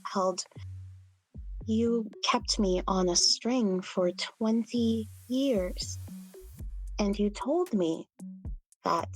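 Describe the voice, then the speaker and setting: A woman's voice: medium pitch, darkish tone, low-quality recording. A woman playing a bitter, taunting young vampire. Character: young female vampire, bitter and sing-song.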